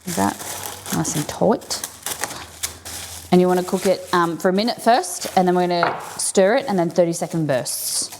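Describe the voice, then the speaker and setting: Woman cooking-stream host, lowish voice, chatty and rambling, faint dish clatter behind. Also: normal speed, background noise. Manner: chatty, thinking aloud while cooking. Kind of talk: casual cooking demonstration.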